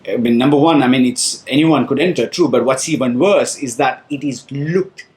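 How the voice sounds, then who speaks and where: Man, casual conversation, animated storyteller, medium-pitched voice. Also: normal speed. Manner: animated storytelling, acts out other people's lines. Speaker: host.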